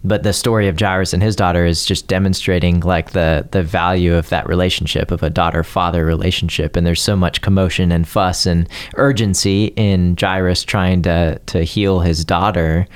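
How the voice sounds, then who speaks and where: A man's voice: deep voice, steady tone, normal speed, clear, resonant tone. A man explaining a Bible story in casual conversation, earnest and building his point in long chains of phrases.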